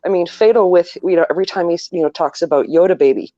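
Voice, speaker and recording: A man's voice: sits high, fast talker, mellow, no echo. A man chatting on a casual group call, starting over and repeating words as he goes. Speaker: podcast co-host. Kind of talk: casual chat. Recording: dry, dull lo-fi mic.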